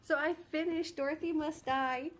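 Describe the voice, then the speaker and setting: A woman's voice: high voice, fairly even intonation, moderate pace, fairly bright tone. Young female book vlogger, bubbly, chatty, giggly, sleepy at night. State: tired. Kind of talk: casual vlog chat.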